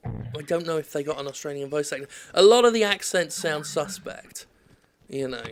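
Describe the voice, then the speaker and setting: A man's voice: a little high, animated, moderate pace. A man giving rambling, sweary, self-deprecating commentary over his own gameplay, drifting off on tangents. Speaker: gaming video host.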